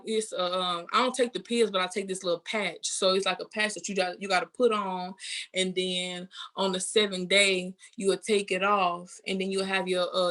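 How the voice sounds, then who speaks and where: A woman's voice: medium pitch, a bit bright. A young woman talks through her personal testimony in an interview. Her delivery is candid and rambling, full of fillers and quoted thoughts. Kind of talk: personal testimony, casual storytelling.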